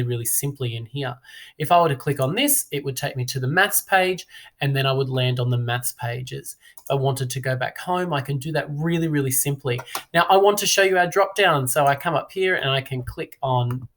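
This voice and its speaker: A man, a teacher talking through a screen-recorded software tutorial in a relaxed, chatty way with many fillers. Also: mid-range voice, fairly quick. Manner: relaxed, chatty, frequent "uh" and "now".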